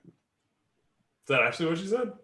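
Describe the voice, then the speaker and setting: A man's voice: fairly high pitch, very animated, unhurried, sharp tone. A man playing a tabletop game, joking and laughing often. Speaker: player.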